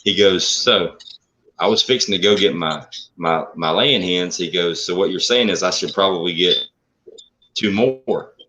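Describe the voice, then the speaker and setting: Deep, bright-toned blunt storytelling man. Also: moderate pace. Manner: blunt, profane, animated storyteller. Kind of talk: casual storytelling. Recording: muffled lo-fi audio.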